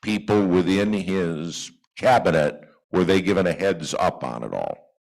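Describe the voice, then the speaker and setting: Man, reporter at a press briefing; deep pitch, formal and measured question. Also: expressive, creaky, a little mellow, low-quality recording.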